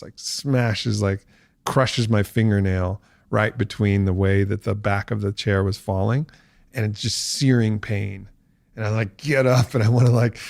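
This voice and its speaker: A man with a fairly low voice tells a story as a podcast guest, relaxed and reflective, often laughing as he goes. The sound is dry and close, with no room around it. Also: vocal fry, no room sound. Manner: laughs while telling stories; reflective, uses many fillers. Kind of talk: casual storytelling.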